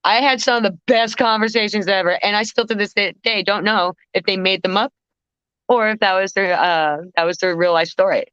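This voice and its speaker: Her voice is medium-pitched, a little fast, fairly bright, and clean. As a guest vocalist in a casual podcast conversation, she tells rambling stories and cuts herself off. The recording is dry and slightly muffled, without echo.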